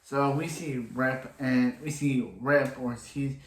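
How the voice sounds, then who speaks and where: A man's voice: mid-range voice, steady tone, takes it slowly, echoey room, rough recording. A man casually recapping a TV episode, rambling and restarting his sentences often as he quotes the characters in passing. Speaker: TV episode reviewer.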